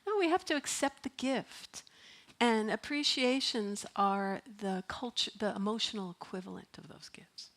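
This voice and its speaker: A middle-aged female minister preaches in a church sanctuary, speaking slightly slowly in a mid-range, somewhat bright voice. Her sermon is conversational and playful, with frequent laughter.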